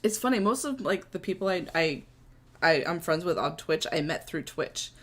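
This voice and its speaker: A woman co-hosting a podcast in casual chat, chatty and quick to react, with casual swearing. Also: on the low side, animated, a bit bright. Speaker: podcast co-host and streamer.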